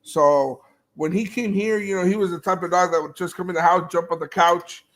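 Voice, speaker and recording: A man's voice: high voice, steady tone, brisk, fairly bright tone. A man, a dog breeder, talking casually about his dogs and litters, laughing easily and trailing off mid-sentence. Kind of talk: casual chat.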